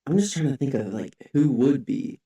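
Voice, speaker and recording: A man's voice: mid-range voice, animated, moderate pace, warm tone. A young man co-hosting a podcast in casual chat, rambling with lots of "like" and restarts. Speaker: podcast co-host. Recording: echoey room, far from the mic.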